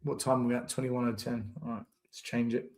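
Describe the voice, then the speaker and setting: A man's voice: mid-range voice, flat delivery, brisk, darkish tone. A young man hosting a live football watchalong, exasperated, swearing and repeating himself as he reacts. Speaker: fan channel host. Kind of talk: live match watchalong commentary.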